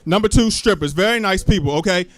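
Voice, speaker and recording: A man's voice: high-pitched, quick pace, no room sound. Loose, chatty male stand-up comic. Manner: loose, chatty, asks the crowd lots of questions, cusses freely. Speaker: stand-up comedian. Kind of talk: live stand-up set with crowd work. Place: small comedy club stage. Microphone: handheld stage mic.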